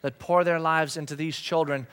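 Storytelling pastor in his thirties, slightly high voice. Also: steady tone, moderate pace, very noisy. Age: 30s. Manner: chatty, self-deprecating storytelling with fillers. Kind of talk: sermon storytelling.

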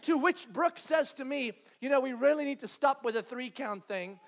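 Guy in his 30s preaching, really high voice, acts out scenes loud and animated. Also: moderate pace, creaky. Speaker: pastor. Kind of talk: sermon storytelling.

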